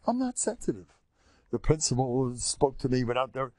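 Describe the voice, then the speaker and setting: An older man, a rabbi giving a Torah lesson in an animated storytelling way, acting out quotes. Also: medium pitch, normal speed, dry recording. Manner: animated storytelling, acts out quotes, mixes in Yiddish and Hebrew. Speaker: rabbi teaching a class.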